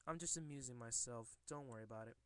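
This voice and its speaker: A man's voice: medium pitch, fast, noisy background, lightly acted. A man reading a wisecracking young superhero. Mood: joking. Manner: plain read-aloud delivery.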